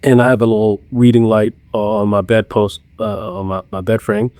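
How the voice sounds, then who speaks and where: A man's voice: lowish voice, steady tone, moderate pace, darkish tone, dry recording. A man interviewed on a podcast as an entrepreneur guest, talking earnestly in personal anecdotes and laughing at himself. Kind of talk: casual interview chat.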